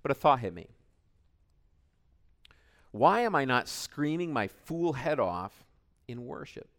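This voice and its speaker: A middle-aged man preaching a sermon, animated, swinging between shouted cheers and quiet asides. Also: medium pitch, slow pace. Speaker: pastor.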